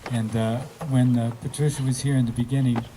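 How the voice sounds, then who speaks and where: A man hosting a community graduation gathering, talking loosely with many pauses and fillers. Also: medium pitch, flat delivery, dark tone, slight background noise, poor audio. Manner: hesitant, many fillers, offhand. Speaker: event host. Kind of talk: casual emcee talk.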